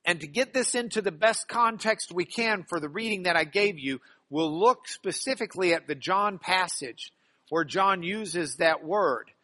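A man's voice: high-pitched, animated, normal speed, pushed and bright. A man preaching a sermon, rambling and often repeating and restarting his words.

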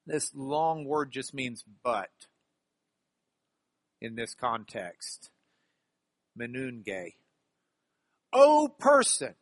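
Man, lecture, unhurried, lively pitch, dry sound. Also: no echo. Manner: animated, stresses words by repeating them. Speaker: Bible Greek teacher. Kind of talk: classroom lecture.

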